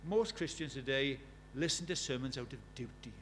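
A man's voice: medium pitch, expressive, moderate pace, a bit bright, a little hiss or hum. A man preaching a sermon in a conversational way, asking the congregation many questions and reciting scripture with rising force.

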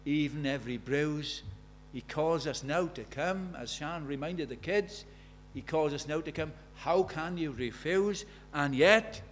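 Older guy preaching, fired up, goes quiet then loud, voice sits a bit high. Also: unhurried, few pauses. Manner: impassioned, swings from hushed to loud. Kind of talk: evangelistic sermon.

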